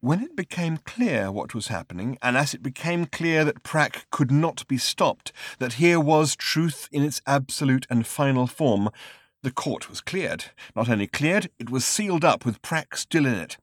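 Expressive male audiobook narrator. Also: medium pitch, no room sound. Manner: dry, measured storytelling with varied expressive delivery. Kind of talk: scripted narration.

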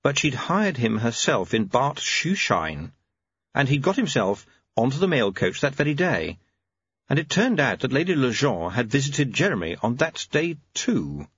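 A man narrating a story in a wry, expressive way, in a dull lo-fi audiobook recording. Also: medium pitch, moderate pace, husky. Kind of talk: scripted narration.

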